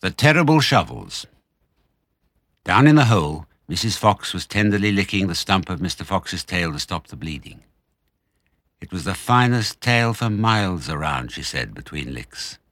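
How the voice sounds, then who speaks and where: Expressive older man reading a story. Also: deep voice, normal speed, dry recording. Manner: expressive, dramatic. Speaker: narrator.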